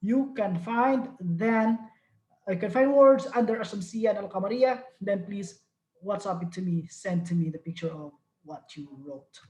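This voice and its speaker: A woman teaching an online language lesson. She explains slowly and repeats each word so it can be drilled. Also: mid-range voice, mellow, echoey room. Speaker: Arabic teacher.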